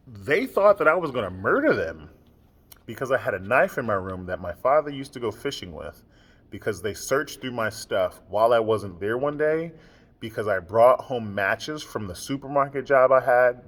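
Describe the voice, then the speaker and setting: A young man in a candid personal monologue, rambling with lots of fillers and keeping a deliberately low, comfortable speaking tone. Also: fairly bright tone. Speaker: podcaster.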